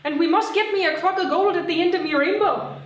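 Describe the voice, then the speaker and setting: A woman voicing a clumsy, overdone put-on Irish brogue, cartoonish and very high. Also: brisk, slight background noise. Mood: hammy. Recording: roomy, distant.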